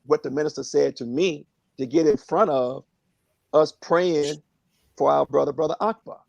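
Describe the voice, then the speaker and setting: A man speaking earnestly and reflectively on a phone prayer line, in a halting way with many fillers. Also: fairly high pitch, vocal fry, a little mellow, no room sound, lo-fi sound.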